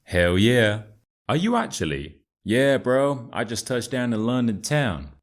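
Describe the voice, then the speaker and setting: A man's voice: medium pitch, a little slow. Chad, a man putting on an American bro. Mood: chummy. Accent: put-on American. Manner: slangy, excitable, calls everyone dude and bro. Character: laid-back young American bro named Chad.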